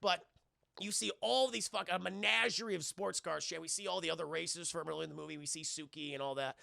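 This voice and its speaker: A man's voice: fairly high pitch, fairly even intonation, brisk, creaky, sharp tone, no echo, clean studio sound. A man streaming live, recapping a film scene by scene in a rambling, profane way, laughing often and acting out lines.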